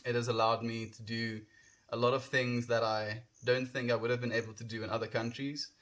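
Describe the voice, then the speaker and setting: A young man, raised speaking Afrikaans, chats loosely with his live-stream audience. His voice sits at an ordinary middle pitch, and he gushes with thanks between comments. He is outdoors, talking casually and sincerely. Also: flat delivery, fairly quick, fairly bright tone. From South Africa. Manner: gushing, heartfelt, reads chat comments aloud. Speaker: livestreamer. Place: outdoors, windy.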